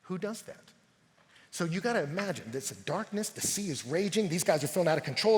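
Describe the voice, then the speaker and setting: High bright-voiced man preaching in an arena. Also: animated, fairly quick, pauses often. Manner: dynamic preaching, from hushed to shouting. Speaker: pastor. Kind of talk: sermon. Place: large arena. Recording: live arena with long reverb.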